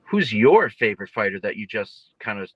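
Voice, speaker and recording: A young man being interviewed as a boxer, trash-talking with boastful, mocking swings in pitch. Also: very animated, moderate pace, fairly bright tone, no room sound, dull audio. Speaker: guest boxer. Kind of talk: casual trash talk interview.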